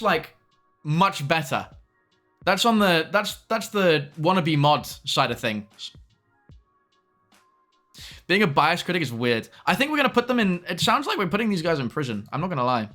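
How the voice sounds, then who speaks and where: A young man chatting casually on a live stream, with quick asides to his chat. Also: fairly high pitch, very animated, bright, forceful tone, faint music behind.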